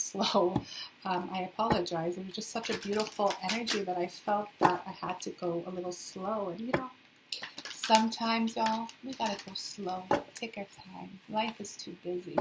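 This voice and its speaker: A woman's voice: mid-range voice, heavy background noise. A young woman giving a casual tarot reading to her viewers, chatty and sassy, with playful asides. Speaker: tarot reader. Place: indoors in a hot, humid city flat.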